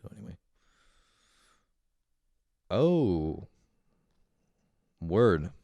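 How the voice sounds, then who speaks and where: Deep-voiced young man rambling profanely. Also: extremely slow, vocal fry, no room sound, lo-fi sound. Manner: profane, rambling, animated when telling stories. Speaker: vlogger. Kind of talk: casual rambling monologue.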